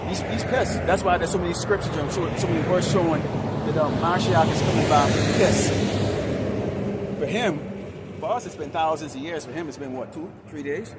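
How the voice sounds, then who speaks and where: A man preaching an open-air sermon outdoors by a busy street, in a loud, confrontational and profane manner. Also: fairly high pitch, heavy background noise.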